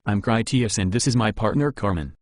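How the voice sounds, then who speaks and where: A terse, stern armored warrior speaks in an audiobook, voiced by the male narrator. His voice is low and dry. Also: expressive, fairly quick, no echo, lightly acted.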